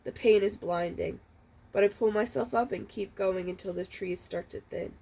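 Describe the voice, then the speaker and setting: Gravelly-voiced woman reading aloud. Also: mid-range voice, moderate pace, dark tone, poor audio. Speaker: librarian reading a book aloud. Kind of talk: reading a novel chapter aloud.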